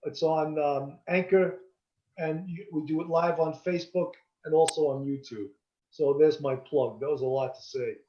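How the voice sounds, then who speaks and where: A man's voice: on the high side, steady tone, moderate pace, lo-fi sound, slight background noise. A man co-hosting a podcast, plugging the show in a rambling, self-mocking way. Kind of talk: casual show plug.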